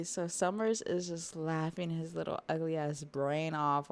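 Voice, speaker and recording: A woman's voice: deep voice, steady tone, unhurried, hardly any pauses. A woman streamer reacting emotionally and swearing as she reads a manga aloud. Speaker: streamer reading manga live. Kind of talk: casual reaction chat.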